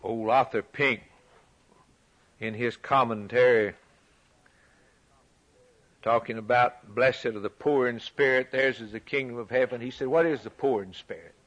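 Bright-voiced preacher with emphatic delivery. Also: male voice, medium pitch, fairly even intonation, measured pace, long pauses, muffled recording. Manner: emphatic, repeats phrases, swings from loud to quiet; reads scripture aloud in a raised voice. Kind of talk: sermon.

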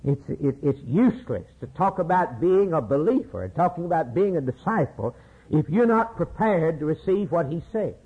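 Husky guy preaching, repeats himself for emphasis, sounds like over a phone. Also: a little high, sing-song, moderate pace. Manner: emphatic, repeats key phrases, retells scripture with acted voices. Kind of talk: sermon. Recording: phone-like lo-fi sermon recording.

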